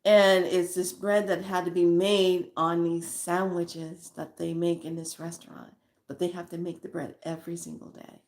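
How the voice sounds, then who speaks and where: A woman's voice: fairly low pitch, little pitch movement, normal speed, a little mellow. A woman who reads tarot cards, telling stories about her readings in a chatty, blunt way with casual swearing. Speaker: tarot card reader. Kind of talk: casual storytelling.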